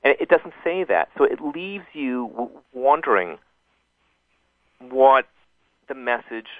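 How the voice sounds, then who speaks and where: A man being interviewed on a radio show as a guest author, thinking aloud with halting restarts. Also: mid-range voice, expressive. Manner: thoughtful, halting, many restarts. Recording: tinny phone line.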